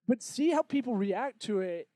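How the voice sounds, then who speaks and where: High-voiced playful male podcast host. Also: animated, normal speed, dry recording, clean studio sound. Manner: playful, jokey, spikes into loud bits. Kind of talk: casual comedic chat.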